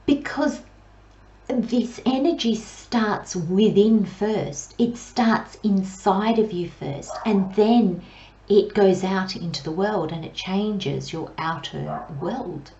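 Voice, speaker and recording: A woman gives a pick-a-card tarot reading, her mellow voice unhurried and soothing, with long pauses and soft near-whispers. The recording sounds slightly dull and lo-fi. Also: mid-range voice, reverberant. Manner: slow, gentle, soothing delivery with drawn-out pauses. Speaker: tarot reader.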